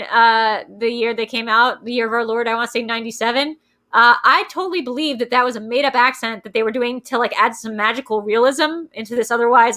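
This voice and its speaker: A woman's voice: on the high side, pushed and bright. A woman from the US East Coast hosting a casual live-stream chat, rambling and self-deprecating as she reads the chat aloud. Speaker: host.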